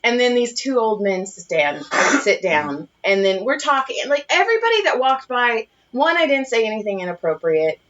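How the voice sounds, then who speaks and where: A woman's voice: on the high side, moderate pace, hardly any pauses. Profane storytelling woman podcast co-host. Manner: animated, profane, laughs at her own stories. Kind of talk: casual storytelling chat. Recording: muffled lo-fi podcast audio.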